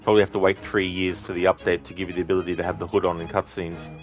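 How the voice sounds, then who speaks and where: A man's voice: low-pitched, little pitch movement, very fast, soft background music. A young Australian man with an Australian accent, casually commentating a game and answering chat, blunt and profane. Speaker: gaming streamer.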